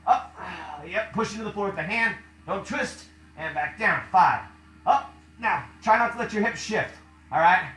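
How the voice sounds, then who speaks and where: A man's voice: sits high, fairly bright tone, echoey room, poor audio. A man coaching a home workout as he does it, counting reps aloud, out of breath, with upbeat cues. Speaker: fitness coach. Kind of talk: guiding a workout while doing it.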